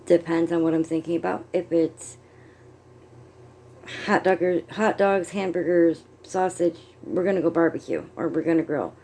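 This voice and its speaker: A middle-aged American woman talking in a relaxed, rambling way, amused at herself as she goes. Her voice is warm and fairly low, and she sounds like she is chatting from home while crocheting and checking notes. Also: normal speed. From United States. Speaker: vlogger. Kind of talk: casual chat.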